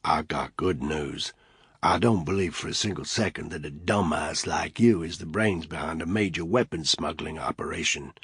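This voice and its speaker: A man voicing a menacing soldier, low and husky. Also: normal speed, no room sound, clean studio sound, exaggerated voice. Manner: menacing, mocking, quietly threatening. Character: ruthless male special forces soldier interrogating a captive.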